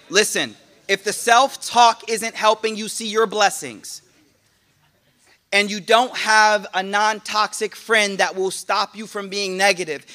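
A man, likely in his late twenties or thirties, giving a casual motivational talk to an audience, telling funny stories and acting out other people's voices. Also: sits high. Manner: animated storytelling with jokes and quoted voices.

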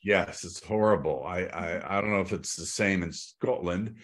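Very deep-voiced upbeat podcast host man. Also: fairly bright tone. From United States. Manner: upbeat, talks of diving in, quick asides. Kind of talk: podcast interview.

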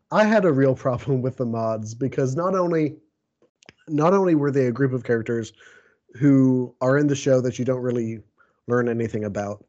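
A man talks casually on a podcast, rambling through his points and laughing under his breath. His voice is mellow and soft-edged, at an ordinary pitch. The recording sounds a little dull and lo-fi. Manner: rambling, chuckles often. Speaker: podcast co-host. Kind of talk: casual chat about a TV show.

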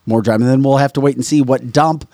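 A man with an average pitch co-hosts a live talk show, joking and emphatic with quick asides. The sound is dry and close in a small studio. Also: fairly even intonation, mellow, no room sound. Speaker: co-host. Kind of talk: casual talk show banter and live sponsor read.

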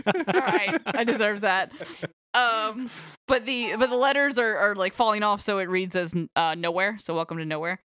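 A woman's voice: mid-range voice, moderate pace, fairly bright tone. A woman chatting casually, recapping a book with lots of fillers and frequent giggles. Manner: giggly, rambling with many fillers. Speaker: podcast co-host recapping a book. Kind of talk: casual chat.

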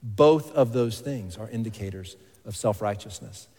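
A man preaching a sermon as pastor, emphatic, rising to loud exclamations and dropping to hushed asides. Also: on the low side, normal speed. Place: church hall. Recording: long reverb of a large hall.

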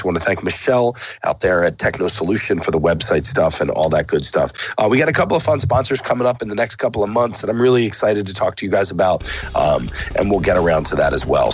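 A man's voice: low-pitched, rough recording. A man hosting a podcast, talking casually and bluntly with some swearing, his voice sick and sniffly. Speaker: podcast host. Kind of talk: casual sign-off monologue.

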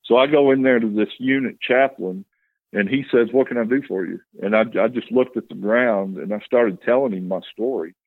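A man's voice: medium pitch, brisk, dry recording. A man giving a candid, plain-spoken personal testimony as an interview guest. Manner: plain-spoken storytelling with earnest emotion. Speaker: guest telling his testimony. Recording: tinny phone-like line, dry.

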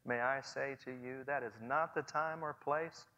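A man in his forties preaching a sermon earnestly, swinging between hushed and loud passages. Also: mid-range voice, fairly even intonation, unhurried, highs cut off. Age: 40s. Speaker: pastor. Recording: long hall reverb.

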